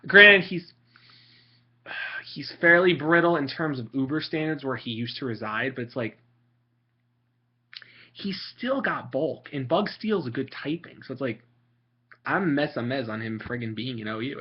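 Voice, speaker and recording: A man's voice: mid-range voice, normal speed, breathy edge, muffled recording. A man vlogging in a casual, exasperated rant, sarcastic and swearing freely. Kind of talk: casual ranting monologue.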